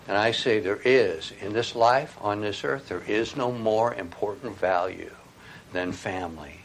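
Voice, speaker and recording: A man's voice: low voice, a little hiss or hum. A man preaching a sermon in an emphatic way, asking rhetorical questions.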